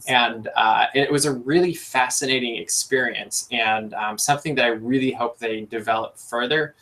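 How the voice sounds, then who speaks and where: A man's voice: mid-range voice, steady tone, moderate pace, pushed and bright, rough recording. A man hosting a casual podcast chat, enthusiastic and rambling with lots of fillers. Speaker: podcast host.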